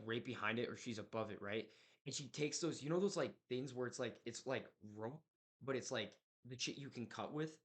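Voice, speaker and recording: A man's voice: mid-range voice, fairly bright tone. A young man in casual chat, retelling a horror movie plot in a rambling way, full of filler words and slang.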